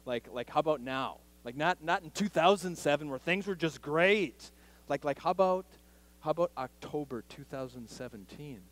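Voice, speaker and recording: A young adult man preaching a sermon in a conversational way, full of casual fillers, that swells into loud emphatic stretches. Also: fairly high pitch, lively intonation, normal speed.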